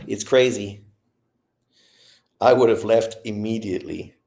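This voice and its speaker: Gravelly man in his fifties, swearing freely. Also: on the low side, normal speed, darkish tone. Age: 50s. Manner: profane, rambling storytelling. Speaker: boxing livestream host. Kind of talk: casual livestream chat.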